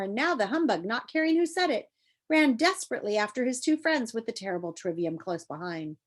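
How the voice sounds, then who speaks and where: Brief: woman narrator, animated storytelling, lively pitch. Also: a little fast. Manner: expressive storytelling. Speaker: reader. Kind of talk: reading a children's novel aloud.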